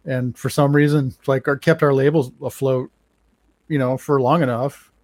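A man's voice: mid-range voice, normal speed, dry recording. A man who runs a record label, telling stories in a rambling casual chat with many fillers. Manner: rambling, animated, acts out quotes with many fillers.

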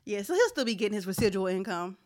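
A woman's voice: mid-range voice, big pitch swings, quick pace. A woman hosting a casual chat, teasing and emphatic, often repeating herself. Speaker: podcast host.

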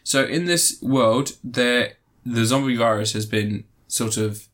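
A man casually recapping and reviewing a film, rambling with fillers, sarcastic asides and quick mock voices. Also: mid-range voice, a bit bright.

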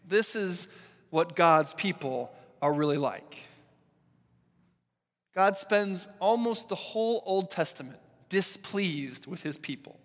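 A man with a high, light voice preaches a sermon, slow and unhurried, leaning on words and letting pauses hang. His voice rings through a church sanctuary with a long, lingering reverb trailing each phrase. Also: lively intonation, fairly bright tone. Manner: deliberate, emphatic delivery with dramatic pauses. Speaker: pastor.

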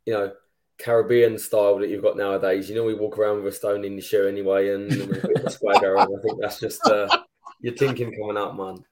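A man's voice: on the low side, flat delivery, brisk, a crowd in the background. A man co-hosting a football podcast, joking and breaking down the run-in in casual chat. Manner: joking, analytical. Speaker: podcast co-host.

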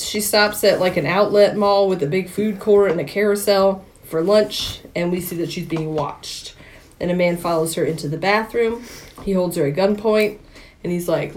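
A woman with a fairly low voice co-hosts a podcast, casually retelling a movie plot, acting out the characters' lines and laughing often. There's a faint hiss or hum in the recording.

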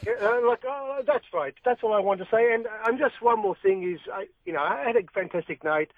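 Excitable male caller on a tinny phone line. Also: high voice, no room sound. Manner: excitable, halting, wavering accent. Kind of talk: talk radio phone-in.

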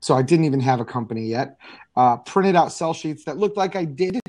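A middle-aged man talking casually as an interview guest, telling energetic stories with frequent fillers and restarts. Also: a little high, a little fast, dry recording. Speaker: guest, business owner.

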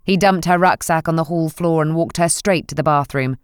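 A woman narrating a novel in a measured, gentle reading. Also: low voice, smooth, no echo, clean studio sound. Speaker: audiobook narrator. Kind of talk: scripted narration.

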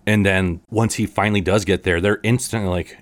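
A man's voice: deep voice, fairly even intonation, a little fast, no echo. A man co-hosting a podcast in casual, rambling chat, putting on voices for quotes. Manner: rambling, many fillers, puts on voices for quotes. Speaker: podcast co-host.

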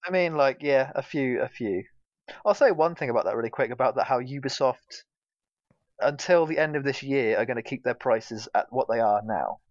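A man's voice: medium pitch, lively intonation, moderate pace, no echo, highs cut off. A British man co-hosting a casual gaming podcast, rambling with lots of fillers. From Britain. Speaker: podcast co-host. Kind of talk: casual chat.

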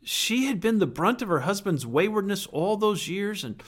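A man delivering a sermon with earnest conviction, his voice sitting a little higher than most men's. He leans hard on key phrases and lets dramatic pauses hang before dropping to a hush. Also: sing-song, husky. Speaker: pastor.

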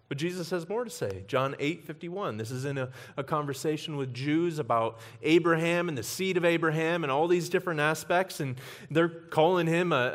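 A man preaching an evening sermon as pastor, earnest, building emphasis and volume on key points. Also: a little high.

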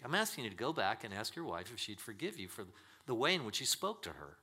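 A pastor preaching a sermon in a church, emphatic and swinging between loud declarations and hushed asides. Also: male voice, lowish voice, big pitch swings, quick pace, husky.

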